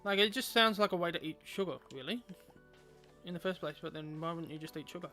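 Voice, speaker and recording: High bright-voiced rambling male streamer. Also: fast talker, faint music behind. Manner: rambling, musing aloud with many fillers. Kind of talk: casual gameplay commentary, chatting with viewers.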